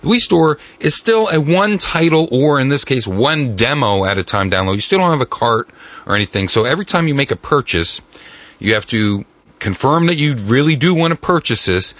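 A man hosts a casual podcast with animated enthusiasm. His voice is bright and forward, with lively pitch swings, recorded dry and close in a studio. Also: moderate pace, dry recording. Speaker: podcast host.

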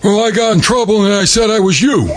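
Man playing a squeaky goofy sitcom husband. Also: fast, noisy background, lightly acted. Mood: joking. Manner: jokey sitcom delivery.

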